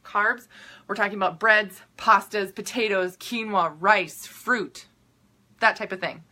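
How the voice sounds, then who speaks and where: A woman's voice: medium pitch, steady tone, a little slow, sharp tone. A young woman with a Minnesota accent, a health coach chatting casually and upbeat to viewers, with lots of ums and restarts. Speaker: health coach and podcast host. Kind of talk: casual live-stream talk to viewers.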